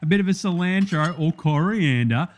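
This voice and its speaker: Bloke doing a loud matey aussie tv cook, high-pitched, crude banter, faint room noise behind. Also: male voice, animated, normal speed. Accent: Australian. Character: brash blokey male Aussie TV cooking host. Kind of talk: comedy cooking-show parody.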